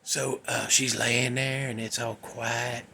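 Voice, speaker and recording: A man hosting his show, telling a ghost story in a drawling, folksy way that drops into hushed whispers. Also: medium pitch, level tone, takes it slowly, a little hiss or hum. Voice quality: gravelly, raspy. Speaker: show host.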